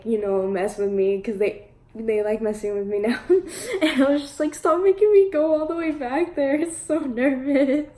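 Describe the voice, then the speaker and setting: Young woman, vlogger, giggly and excitable, slightly high voice, slow unhurried delivery. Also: roomy sound. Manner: giggly, excitable, lots of fillers. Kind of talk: casual storytelling.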